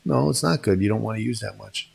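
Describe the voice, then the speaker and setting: A man hosting a casual talk show, speaking haltingly and searching for words, in a small studio room. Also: on the low side, creaky, darkish tone, breathy edge. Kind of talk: casual podcast chat.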